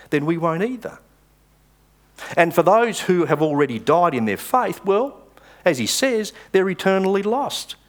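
A male pastor preaching a sermon, reading scripture with dramatic pauses and stressed words. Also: fairly high pitch.

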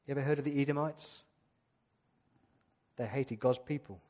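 A male pastor giving a lively storytelling sermon, acting out the scenes as he goes. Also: medium pitch, moderate pace. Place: church. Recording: long church-hall reverb.

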